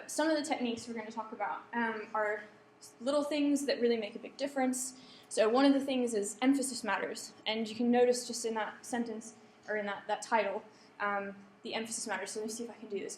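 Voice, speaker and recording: A woman's voice: on the high side, a little hiss or hum. A young woman giving a writing workshop to students, explaining points with frequent ums and self-corrections. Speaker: lecturer. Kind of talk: academic writing workshop talk. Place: lecture room. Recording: echoey lecture room.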